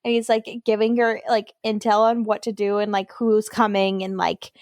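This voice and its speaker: A young woman, co-hosting a podcast in casual chat, animated and acting out quoted lines. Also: medium pitch, normal speed, dry recording, clean studio sound. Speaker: podcast co-host.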